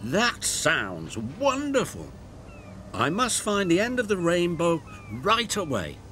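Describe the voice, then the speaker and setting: A man's voice: sits high, moderate pace, slight background noise, voice pushed up. A man voicing a cheeky, over-eager little male tank engine in a cartoon storybook. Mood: excited. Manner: excited, breathless exclamations.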